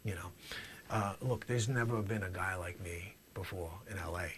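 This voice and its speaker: A man's voice: low-pitched, normal speed, fairly bright tone, slightly rough, pitched below the performer's own voice. A man voicing a sleazy, tough-talking middle-aged male drug dealer in a comedic mock courtroom sketch, boastful and brash.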